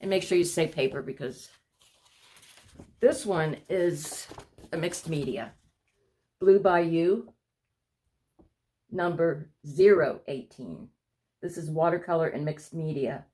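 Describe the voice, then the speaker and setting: A woman talks to her viewers in a low-pitched voice, pausing as she runs short of breath. Her chat rambles and she apologizes often, in an easy home-video way. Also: dark tone. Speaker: vlogger showing her paintings. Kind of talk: casual chat to camera.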